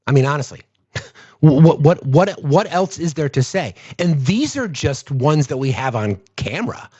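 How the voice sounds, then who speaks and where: Sarcastic man with a lively voice. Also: a little high, unhurried, husky, no echo, highs cut off. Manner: sarcastic, profane ranting. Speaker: host. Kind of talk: political commentary.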